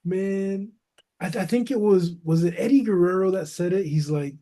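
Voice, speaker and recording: Slangy animated man, mellow voice. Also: sits high, moderate pace. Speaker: podcast co-host. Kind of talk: casual wrestling talk.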